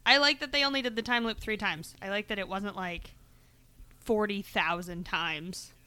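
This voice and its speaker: A woman's voice: mid-range voice, moderate pace, pushed and bright, clear, resonant tone. A young woman co-hosting a podcast, chatting casually, giggling and rambling with many restarts. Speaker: podcast co-host. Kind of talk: casual chat.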